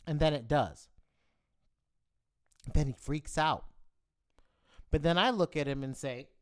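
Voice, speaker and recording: A man's voice: on the high side, takes it slowly, long pauses. A man hosting a live stream, ranting about tech news in a heated, profane way. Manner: animated, profane, heated rant with bursts of emphasis. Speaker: livestream host.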